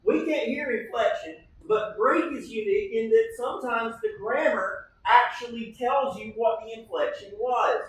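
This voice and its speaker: A man's voice: extremely high pitch, normal speed, hardly any pauses, very echoey, far from the mic, slight background noise, poor audio. A man preaching a sermon as pastor, teaching in a conversational way and often checking in with the congregation. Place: church sanctuary.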